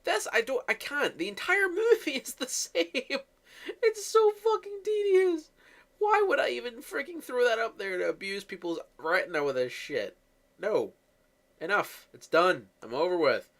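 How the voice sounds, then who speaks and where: A man's voice: high-pitched, very animated, moderate pace, sharp tone. Sweary man ranting animatedly. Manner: profane, mocking, exasperated. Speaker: movie reviewer. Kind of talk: sweary comedic movie rant.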